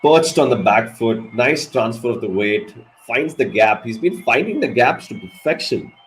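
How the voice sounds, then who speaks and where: Man, cricket watch-along commentator, excitable, swears, live ball-by-ball calls. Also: medium pitch, moderate pace, a little hiss or hum, low-quality recording. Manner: excitable, swears, animated reactions.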